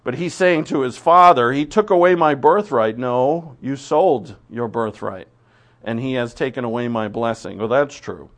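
A man's voice: mid-range voice, a little slow, fairly bright tone. A man preaching, reading scripture aloud and commenting on it in a conversational way with restarts and asides. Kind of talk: verse-by-verse Bible teaching.

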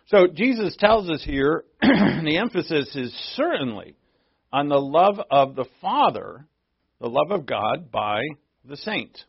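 A man preaching from the pulpit in an easygoing, questioning way, his voice slightly gravelly at a middling pitch. The recording is dry with little room sound and a somewhat dull, lo-fi tone. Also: big pitch swings, measured pace, no room sound. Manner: conversational preaching, asks the congregation questions. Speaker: pastor. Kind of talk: sermon.

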